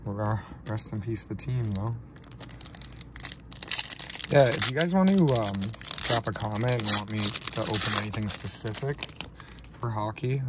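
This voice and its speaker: A man with a lowish voice unboxes trading cards on camera and speaks in an unhurried, low-key drawl, sounding shaky with excitement. His commentary is recorded on a camera mic at a table, with a faint hiss of room noise behind it. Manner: slow, low-key talk between excited outbursts. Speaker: card-breaking channel host. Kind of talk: casual card-opening vlog.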